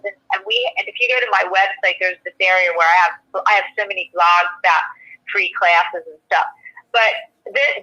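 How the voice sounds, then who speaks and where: A middle-aged woman coaching on relationships, with a bright, forceful voice. She talks animatedly and with emphasis as she walks through her slides. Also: medium pitch, poor audio. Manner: animated, emphatic, acts out quoted dialogue. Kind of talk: guest presentation with slides.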